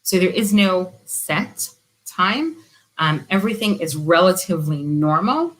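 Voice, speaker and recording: A middle-aged woman with a slightly low voice talks through informal guidance as a support counselor. She sounds gentle, earnest and reassuring. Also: expressive, unhurried, poor audio. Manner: briefly drops to a whisper.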